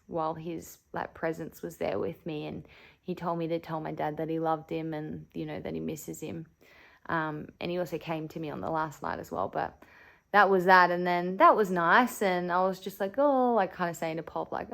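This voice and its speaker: A woman tells a personal story straight to camera in a loose, confiding way. Her voice sits a little low and has a gravelly fry running through it. She talks candidly, scatters "like" through her sentences and swears freely. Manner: candid, chatty, swears freely, many "like" fillers. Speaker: vlogger.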